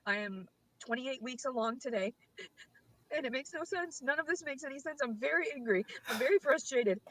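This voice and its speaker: A woman's voice: sits high, lively intonation, normal speed, no echo, rough recording. Profane, agitated woman ranting. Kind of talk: angry rant to camera.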